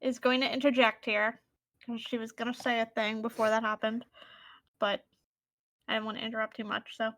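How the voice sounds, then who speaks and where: High-voiced woman playing a tabletop game. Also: flat delivery, fairly bright tone, no echo. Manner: quick, explaining her character's actions. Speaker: player.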